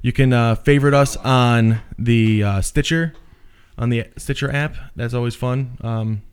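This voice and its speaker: Male podcast host, mid pitch, easygoing, rambling. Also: a little slow, smooth. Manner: laid-back, rambling with fillers. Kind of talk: casual chat, wrapping up the episode.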